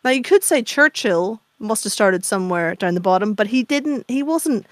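A woman's voice: mid-range voice, lively intonation, normal speed, no room sound. A woman co-hosting a podcast over a video call, chatty and opinionated, explaining things with gusto. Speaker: podcast co-host. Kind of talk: casual chat.

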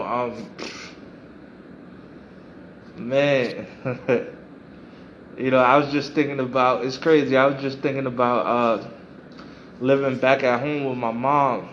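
Slow, reflective male podcast host. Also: medium pitch, lo-fi sound, slight background noise. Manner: reflective, repeats phrases for emphasis. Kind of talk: motivational podcast monologue.

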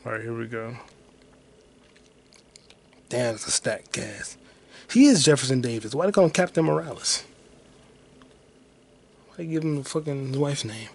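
A man's voice: mid-range voice, animated, normal speed, creaky, pauses often, slight background noise. A man hosting his own podcast solo, rambling casually and profanely while muttering to himself as he searches online. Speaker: podcast host.

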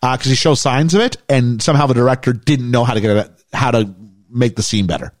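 A man's voice: medium pitch, fast talker, dry recording, clean studio sound. A man hosting a casual podcast chat, recapping a movie in a jokey, storytelling way. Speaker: podcast host recapping a film.

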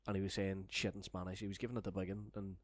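Low-voiced man telling a tale. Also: flat delivery, rapid-fire, no echo. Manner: rambling, sweary, laughing storyteller. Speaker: storyteller guest. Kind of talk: casual podcast anecdote.

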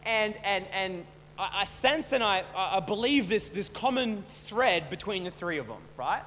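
High-voiced pastor in a reverberant hall. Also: male voice, lively intonation, normal speed, bright, forceful tone. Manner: casual, repeats and restarts words. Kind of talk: conversational sermon. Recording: long hall reverb, faint hum.

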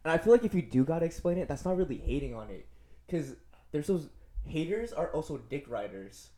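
A man's voice: a little high, big pitch swings, a little fast, mellow. A young man co-hosting a podcast, talking in a laid-back, slangy, joking way. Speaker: podcast co-host. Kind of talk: casual chat.

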